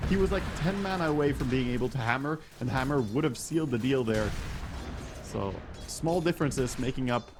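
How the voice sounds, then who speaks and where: A man's voice: mid-range voice, brisk, over music. A man giving color commentary on an esports match, explaining plays in an easygoing way. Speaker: esports analyst.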